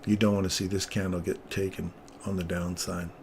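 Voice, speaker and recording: Rambling, lower-voiced man teaching trading. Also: flat delivery, brisk, a little hiss or hum. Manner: casual, rambling, easily sidetracked. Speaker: trading channel host. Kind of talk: live trading commentary.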